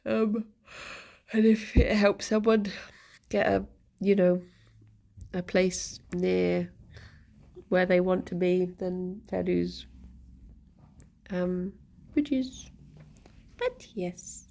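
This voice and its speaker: A woman's voice: fairly low pitch, steady tone, drawn-out words, gravelly, pauses often, mellow. A young woman chatting casually on a live stream at home, rambling with lots of restarts and giggles. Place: home, sat on the floor with pet rabbits.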